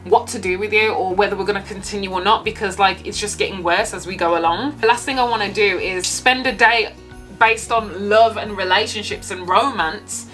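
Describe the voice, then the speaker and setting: Bright-voiced sassy woman vlogger. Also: mid-range voice, fairly even intonation, fairly quick, soft background music. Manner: sassy, exasperated retelling. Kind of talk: storytime vlog.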